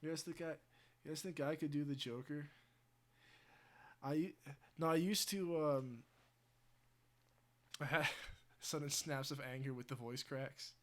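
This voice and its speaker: A man's voice: on the high side, steady tone, a little slow, long pauses, fairly bright tone. A man livestreaming, rambling casually with crude language and laughing asides. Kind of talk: casual chat.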